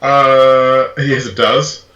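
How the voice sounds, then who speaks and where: Brief: male tabletop player, bright sharp tone, jokey and halting, echoey room. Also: mid-range voice, level tone, muffled recording. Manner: jokey, laughs often, halting. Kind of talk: tabletop game chat.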